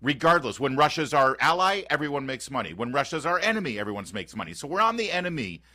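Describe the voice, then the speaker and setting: Bright-voiced man hosting talk radio. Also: on the high side, quick pace, no echo, clean studio sound. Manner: animated, sarcastic, frequent restarts. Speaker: radio talk show host. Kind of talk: casual opinionated talk radio chat. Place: radio studio. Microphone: close studio microphone.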